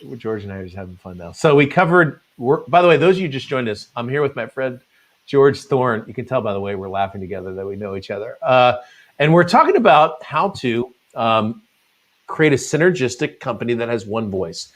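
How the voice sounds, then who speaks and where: A man's voice: mid-range voice, lively intonation, a little fast. Chatty man hosting a live show. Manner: laughs often, rambling side stories. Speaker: host. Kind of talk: casual live-show chat.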